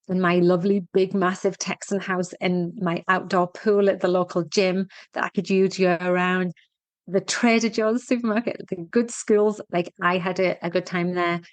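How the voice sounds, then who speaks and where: Middle-aged Teesside woman, northern accent, low register, blunt and chatty podcast guest. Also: no echo. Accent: mixed northern English, Teesside. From Teesside, England. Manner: chatty, blunt and self-mocking, swears lightly. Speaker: guest, fitness and women's health expert. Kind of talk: casual interview chat.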